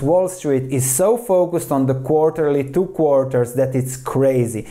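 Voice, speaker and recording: Mellow-voiced man explaining investing. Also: fairly high pitch. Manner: steady, explanatory, with frequent small restarts. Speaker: investing commentator. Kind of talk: explaining while reading quoted passages aloud.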